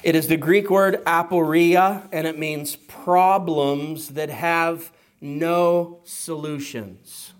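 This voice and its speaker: A man delivering a sermon in a slow, deliberate cadence. His voice sits slightly higher than most men's, and he pauses often to let key phrases land. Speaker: pastor.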